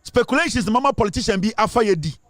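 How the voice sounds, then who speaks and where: Emphatic Ghanaian man, high voice. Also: animated, very fast, fairly bright tone, no echo. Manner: emphatic, lecturing, switching between English and Twi. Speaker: online commentator. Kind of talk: impassioned social commentary.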